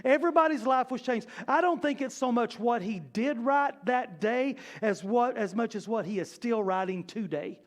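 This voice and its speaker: A male pastor preaching a sermon in a church, animated and conversational with playful asides. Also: extremely high pitch, normal speed, few pauses. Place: church sanctuary.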